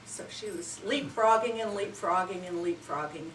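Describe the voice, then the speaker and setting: A woman telling a children's story at a retreat, animated and inviting listeners to join in, heard from afar in a roomy hall. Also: medium pitch, normal speed, few pauses, slight background noise. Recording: roomy hall, mic far off.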